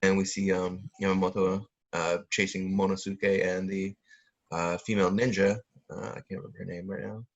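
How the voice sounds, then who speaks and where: A man's voice: sits low, little pitch movement, moderate pace, vocal fry, dull audio. A man co-hosting a casual chat, rambling with lots of fillers and frequent laughs. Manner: rambling, many fillers, laughs often, mimics sound effects. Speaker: podcast co-host.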